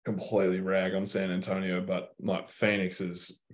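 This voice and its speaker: A man's voice: deep voice, completely flat delivery, normal speed. A young Australian man telling stories in a casual interview, laid-back and slangy with plenty of swearing. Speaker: guest basketball player.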